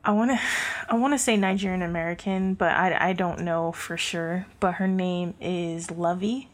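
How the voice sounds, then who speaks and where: A woman's voice: fairly low pitch, steady tone, moderate pace. Opinionated young woman chatting casually. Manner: candid, opinionated, many fillers and restarts. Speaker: podcast co-host. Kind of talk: casual chat. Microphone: handheld mic.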